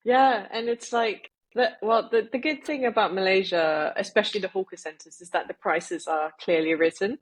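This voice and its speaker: A woman's voice: mid-range voice, moderate pace, few pauses. A woman co-hosting a podcast, telling a story in a casual, giggly way, full of fillers and restarts. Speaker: podcast co-host.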